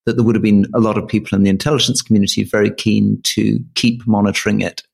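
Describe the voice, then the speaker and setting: A middle-aged man co-hosts a political talk show, weighing each point in a measured, analytical way. His voice is low and gravelly, with a husky edge. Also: level tone. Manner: measured, analytical, thinking aloud. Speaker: podcast co-host. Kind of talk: casual political chat.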